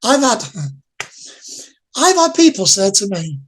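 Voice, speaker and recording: A woman's voice: on the high side, big pitch swings, a little slow, long pauses. Earnest woman speaking from lived experience. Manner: earnest, conversational, speaks directly to the listener. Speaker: person living with dementia. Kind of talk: interview testimony.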